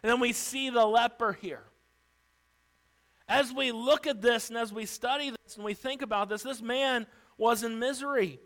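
A man preaching a sermon as pastor, emphatic, swinging between loud declarations and hushed lines, acting out pleas. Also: extremely high pitch, moderate pace, low-quality recording. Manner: acts out Bible characters' pleas.

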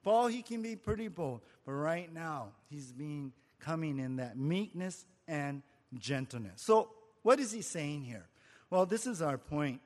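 A man with a high voice delivers an expository sermon. He preaches earnestly and conversationally, posing rhetorical questions to his listeners. His voice carries a long reverb from a hall. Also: lively intonation, unhurried. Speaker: pastor.

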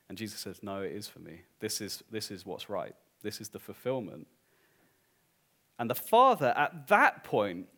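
A man preaching a sermon as pastor, swinging from hushed, drawn-out lines to loud, emphatic declarations. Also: medium pitch.

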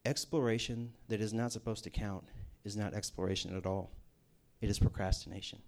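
A man's voice: on the low side, fairly even intonation, fairly quick, creaky. A man preaching a personal testimony, telling it as a casual story with jokey asides. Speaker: campus ministry speaker.

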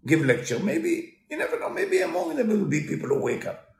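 Man putting on a brisk, high wife. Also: wildly swooping pitch, vocal fry, heavily acted. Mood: urging. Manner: brisk, urging. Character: practical, encouraging wife of a rabbi. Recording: roomy echo.

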